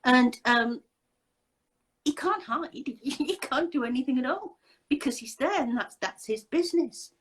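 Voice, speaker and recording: Woman host, husky, emphatic and indignant in casual chat. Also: high-pitched, expressive, a little slow, poor audio. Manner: indignant, emphatic rhetorical questions.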